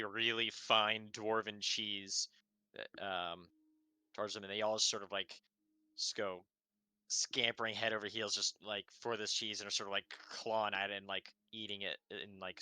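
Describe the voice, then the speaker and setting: A man running a tabletop game as dungeon master, narrating casually with many pauses and fillers. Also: on the low side, level tone, sharp tone, clean tone, no echo.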